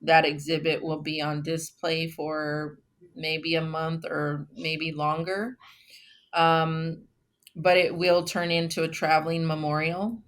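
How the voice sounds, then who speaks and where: Her voice low and her delivery flat, the Texan founder of a memorial earnestly recounts her story. She speaks in a relaxed interview setting and pauses often.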